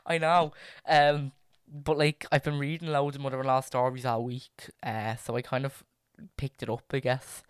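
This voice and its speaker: A man's voice: mid-range voice, little pitch movement, moderate pace, smooth, dry recording, studio quality. A young man, chatting casually and reading stories aloud as a podcast host, rambling with many fillers and restarts.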